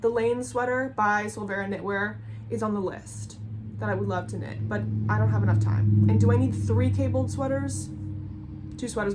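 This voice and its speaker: A woman's voice: on the high side, slight background noise. A young woman talking casually and enthusiastically at home, rambling in a knitting vlog. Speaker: knitting vlogger. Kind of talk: casual chat. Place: home room with colorful closet behind.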